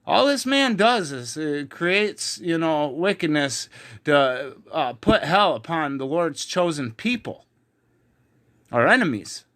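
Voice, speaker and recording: A man's voice: a little high, sing-song, takes it slowly, a bit bright. A man teaching from the Bible in an online video, heated and emphatic, with frequent fillers. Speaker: preacher.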